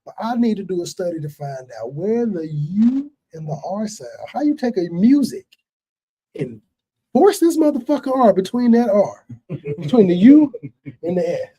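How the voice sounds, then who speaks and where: A man from the Chicago area with a Chicago accent, hosting a casual podcast chat with animated, profane storytelling. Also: high-pitched, moderate pace, slightly rough, highs cut off. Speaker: podcast host.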